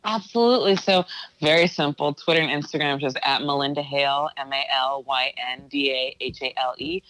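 A woman's voice: sits low, fairly quick, a bit bright, dry recording, low-quality recording. A woman guest on a podcast, a singer and activist, speaking in an upbeat, affirming way. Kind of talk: casual conversation.

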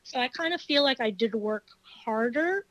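A woman's voice: a little high, expressive, normal speed, a bit bright, no echo, rough recording. A middle-aged woman, an actress, talking frankly and with animation in a casual interview. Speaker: actress guest.

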